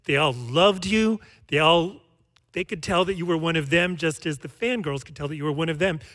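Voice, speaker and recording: A man's voice: a little high, normal speed, fairly bright tone. A man interviewing a guest onstage, asking questions in an enthusiastic, admiring way.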